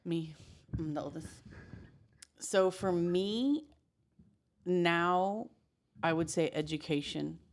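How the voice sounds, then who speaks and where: A woman's voice: on the low side, slow, long pauses. A middle-aged woman co-hosting a podcast, talking in a candid, reflective way. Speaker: podcast co-host. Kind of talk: casual chat.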